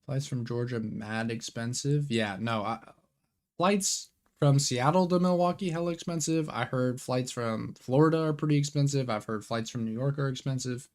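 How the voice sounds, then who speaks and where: Young guy streaming, kinda gravelly voice, hyped slangy chat, reads chat questions and answers em, mid pitch. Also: normal speed. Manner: slangy and hyped, reading viewer questions aloud and answering them. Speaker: streamer hosting a card game watch party. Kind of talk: casual live-stream chat.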